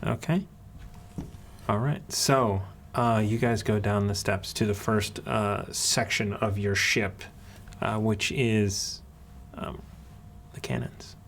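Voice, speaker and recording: Gravelly man narrating as game master. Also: lowish voice, steady tone, takes it slowly, a bit bright, a little hiss or hum. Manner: hesitant, many fillers and restarts. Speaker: dungeon master.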